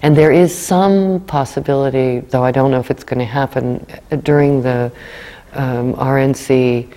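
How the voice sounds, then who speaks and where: A woman's voice: very deep voice, fairly even intonation, moderate pace, warm tone, big-room sound. A woman guest in an interview, speaking hesitantly with many fillers and restarts. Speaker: guest actor. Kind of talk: conversational interview.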